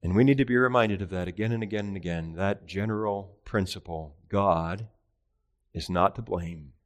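A man preaching a catechism sermon with earnest, emphatic delivery, raising his voice for rhetorical questions and slowing down on key phrases. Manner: earnest preaching, rising in pitch and volume for emphasis. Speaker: pastor.

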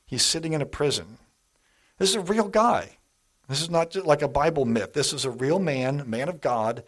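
A man's voice: medium pitch, a little fast, slightly rough. A middle-aged man preaching a sermon in a church, telling stories in a conversational way and speaking straight to the congregation. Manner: conversational storytelling, addresses the congregation directly.

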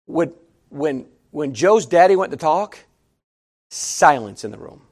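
A middle-aged man delivers a sermon from the pulpit. His voice sits notably high for a man. He tells stories in an easy conversational way and then builds to loud, emphatic preaching. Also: expressive, a little slow. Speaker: pastor.

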